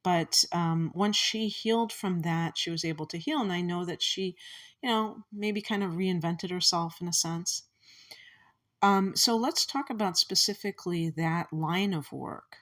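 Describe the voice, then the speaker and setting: A woman's voice: fairly low pitch, measured pace, a bit bright. A woman from the Chicago area with a Chicago accent, giving a casual astrology commentary in a meandering, musing way that often restarts thoughts. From Chicago area, USA.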